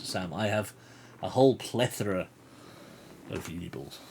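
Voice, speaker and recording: A man's voice: fairly low pitch, moderate pace, long pauses. A man hosting a livestream, reading a gamebook aloud and chatting playfully with viewers. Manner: playful, chatty asides to chat.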